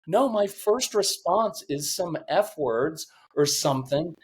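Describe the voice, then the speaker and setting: An intense, animated man in his fifties with a voice that sits a touch high for a man. He coaches parents in a conversational interview, slipping in and out of little acted-out quotes. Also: takes it slowly, slight background noise. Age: 50s.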